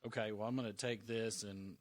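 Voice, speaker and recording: A man playing a tabletop game, thinking aloud in a measured, hesitant way. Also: fairly low pitch, fairly even intonation. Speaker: player.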